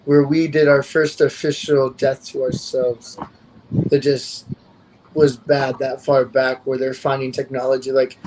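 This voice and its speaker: A man's voice: medium pitch, flat delivery, unhurried. A man hosting a casual live stream, rambling through stories from his own life and acting out what people said. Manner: rambling storyteller who acts out quotes. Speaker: host. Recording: noisy home stream audio.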